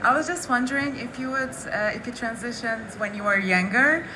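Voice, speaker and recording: A woman's voice: a little high, a little fast, background noise. A woman from the audience, politely and a little hesitantly asking a question.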